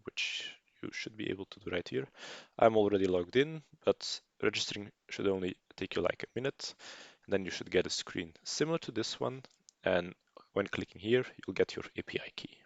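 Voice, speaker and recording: A man's voice: on the low side, creaky, no echo, muffled recording. A man narrating a screencast coding tutorial, explaining casually with fillers and restarts. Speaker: programming tutor.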